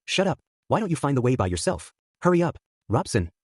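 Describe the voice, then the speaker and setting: A man's voice: medium pitch, expressive, racing, a little mellow, no room sound, studio quality, natural voice. A man voicing a rude, bossy tyrant king who barks orders in a fanfic reading. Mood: barking, disgusted. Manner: barking, contemptuous.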